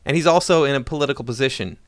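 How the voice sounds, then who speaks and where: A man's voice: mid-range voice, racing, dry recording, clean studio sound. A man ranting in sarcastic, mocking political commentary.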